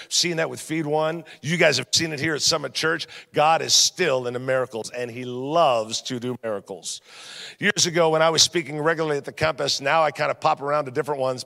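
A man preaching a sermon, an animated pastor who tells funny stories and keeps asking the congregation questions. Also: fairly high pitch, vocal fry. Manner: animated, jokey, talks straight to the crowd. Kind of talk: sermon with humorous storytelling. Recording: long reverb of a large hall.

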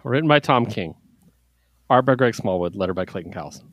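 A man's voice: fairly low pitch, lively intonation, fairly quick, no room sound, muffled recording. A man co-hosting a podcast, recapping comics in casual chat with filler words and swearing. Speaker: podcast co-host.

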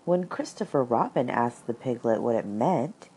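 Low, mellow female storyteller with a very expressive read-aloud delivery. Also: normal speed, a little hiss or hum, poor audio. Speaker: storyteller and commentator. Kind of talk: storybook reading with commentary.

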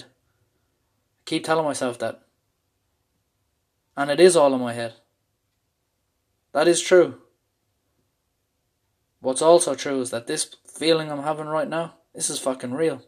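A man's voice: a little high, a little slow, pauses often, darkish tone. A man from Ireland telling a candid, intense story about a panic attack. He speaks openly and swears freely. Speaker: speaker sharing a personal story. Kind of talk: personal storytelling talk.

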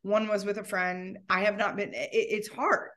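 Bright-voiced heartfelt woman. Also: mid-range voice, level tone, normal speed. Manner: heartfelt, tearful at times. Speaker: guest. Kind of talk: emotional conversation.

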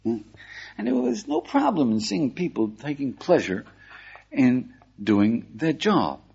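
An older American man, a rabbi, giving a lively class and checking in with his listeners with a steady "yeah?". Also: medium pitch, unhurried, gravelly, breathy edge. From United States. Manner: animated, questioning the audience, frequent "yeah?". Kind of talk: lively Torah class lecture. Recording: dull lo-fi lecture recording.

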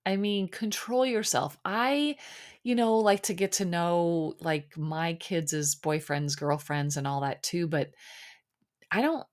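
A woman's voice: fairly low pitch, slow, a little mellow. A middle-aged woman hosting a podcast, chatting casually and rambling with lots of fillers, a bit sleepy. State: sleepy, yawning. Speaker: podcast host recapping a reality show. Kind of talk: casual solo chat.

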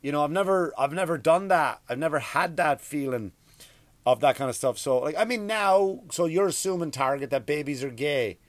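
A man's voice: on the high side, expressive, normal speed, dry recording. Irish man, middle-aged, crude profane comedy rant, dry close sound. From Ireland. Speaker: podcast host.

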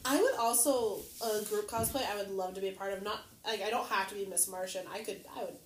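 A woman's voice: mid-range voice, fast. A woman cosplayer chatting eagerly with friends about costumes. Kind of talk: casual chat. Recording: echoey room with faint hiss.

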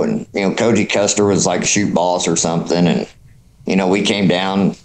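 A man's voice: deep voice, steady tone, fairly quick, a little mellow. A man talking in a laid-back, dry way that often trails off in a casual podcast chat.

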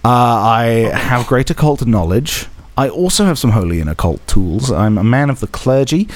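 A man with a medium-pitched, animated voice speaks at a normal pace as the game master of a tabletop role-playing podcast. He's chatty and jokey, laughing often in casual podcast banter.

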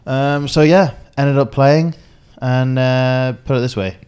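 A man's voice: medium pitch, steady tone, slow pace, a little mellow, clear, resonant tone. A young man telling a rambling story on a casual podcast, laughing often and acting out what people said. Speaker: podcast co-host.

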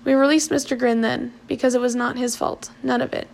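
Voicing a harsh, embittered elder chief of an island, a woman keeps her delivery flat, grave and deliberate, a little hushed. Her own voice sits high with a faint gravel to it.

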